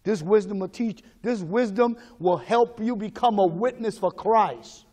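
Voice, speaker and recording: A man pastor preaching a sermon, calling the congregation to repeat after him, moving between hushed prayer and loud exhortation. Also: sits high, unhurried, hardly any pauses.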